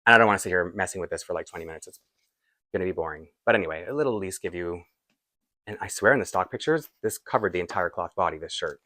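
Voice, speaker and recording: Low-sitting and sharp in tone, his voice moves fast with no room sound. He's a doll collector vlogger with a Canadian accent, casually rambling through an unboxing and laughing often between his asides.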